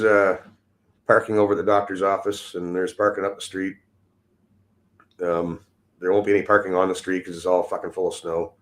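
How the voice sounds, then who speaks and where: Give me a middle-aged man mumbling through a sweary livestream rant with slurred, sloppy diction. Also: low voice. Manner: crude, swearing, combative toward chat. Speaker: livestream host. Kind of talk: profane casual rant.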